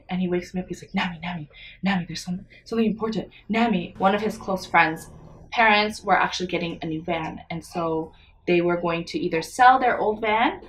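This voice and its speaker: A young adult woman vlogger speaks earnestly to the camera in a personal vlog, often emotional and sometimes close to tears. Her voice is fairly low in pitch with a slight brightness, and she sits far from the mic.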